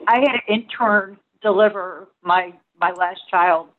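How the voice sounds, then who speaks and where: A woman co-hosting, sharing relaxed anecdotes in a casual interview chat. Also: mid-range voice, unhurried, phone-quality sound.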